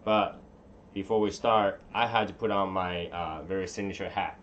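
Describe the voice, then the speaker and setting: Deep-voiced man rambling on a livestream. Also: moderate pace, fairly bright tone, dull audio, a little hiss or hum. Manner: rambling, mutters to himself while fiddling with settings. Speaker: livestream host. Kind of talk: casual live-stream chat. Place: room at home.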